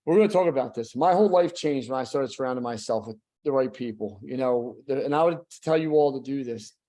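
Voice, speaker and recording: A man's voice: mid-range voice, expressive, brisk, warm tone. A middle-aged man, a business owner, giving an emphatic motivational talk about leadership, repeating points and telling a personal story. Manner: emphatic, repetitive, storytelling with rising intensity.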